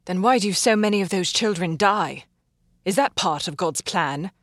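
A man's voice: high-pitched, lively intonation, measured pace, no room sound, studio quality. A narrator voicing a principled young woman doctor who argues earnestly and sharply. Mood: impassioned. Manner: earnest, pleading, then sharp.

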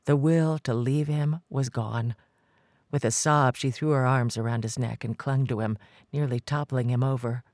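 An audiobook narrator reading a romance story in a measured, scripted way. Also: mid-range voice, fairly even intonation, darkish tone, no room sound.

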